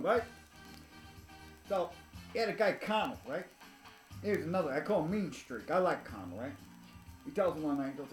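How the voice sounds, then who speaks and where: Blunt, foul-mouthed man in an echoey room. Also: on the high side. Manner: blunt, swears constantly, laughs at his own stories. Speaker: vlogger telling stories. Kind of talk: rambling profane storytelling.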